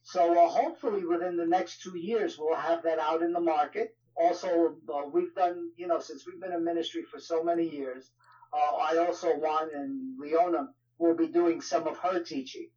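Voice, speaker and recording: A man's voice: on the high side, steady tone, normal speed, dark tone, lo-fi sound. A man with a New York accent, a ministry leader talking as a guest in an interview, conversational with frequent fillers. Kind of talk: casual interview talk.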